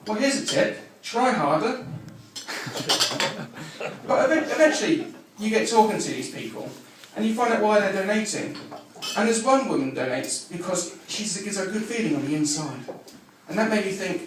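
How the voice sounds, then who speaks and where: A man working a comedy club crowd, high-voiced and swinging widely in pitch as he fires off brash, crude punchlines. He sits well back from the microphone in a very echoey room. Clear audience laughter rolls in behind him. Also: moderate pace, far from the mic, noisy background. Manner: deadpan one-liners, brash and crude. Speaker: stand-up comedian. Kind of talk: live stand-up routine.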